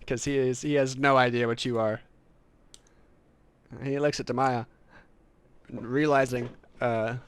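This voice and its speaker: A man's voice: mid-range voice, slow, pauses often, clear, resonant tone, no echo. A man running a tabletop game as game master, playful, laughing often and swearing casually.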